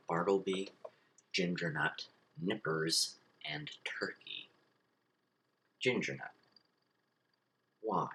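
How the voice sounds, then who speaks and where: A man's voice: low-pitched, pushed and bright, slight background noise, rough recording. A young man, a student vlogger, casually retelling a classroom story and acting out the voices of the people in it.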